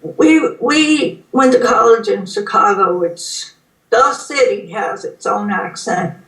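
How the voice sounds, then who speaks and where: Slow-talking Southern American woman. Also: medium pitch, fairly bright tone. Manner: slow, chatty storytelling. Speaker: interviewee. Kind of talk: casual chat. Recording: roomy, distant mic sound.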